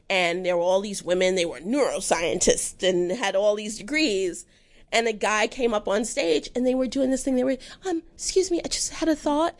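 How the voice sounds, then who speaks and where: A woman talking casually as an interview guest, animated and self-deprecating, often jumping into high mimicking voices.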